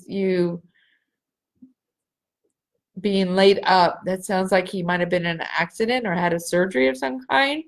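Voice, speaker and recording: A middle-aged woman hosting a live spiritual healing session, speaking slowly and earnestly and repeating phrases for emphasis. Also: mid-range voice. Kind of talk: live energy-healing reading for viewers.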